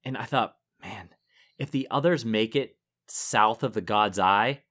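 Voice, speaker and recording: A man's voice: lowish voice, a little slow, a bit bright. Chatty man podcast co-host. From northern United States. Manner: chatty, laughs often. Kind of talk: casual podcast chat.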